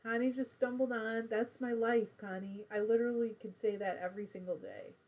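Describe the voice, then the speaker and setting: Chatty husky woman knitting live. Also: on the high side, steady tone, a little fast, darkish tone. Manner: chatty, reads viewer comments aloud while knitting. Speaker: host of a live crafting stream. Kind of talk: casual live-stream chat.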